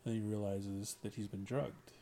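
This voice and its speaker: A man's voice: lowish voice, flat delivery, moderate pace, creaky, warm tone, a little hiss or hum. Hesitant man retelling a story. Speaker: podcast guest, writer. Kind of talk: casual chat, retelling a story.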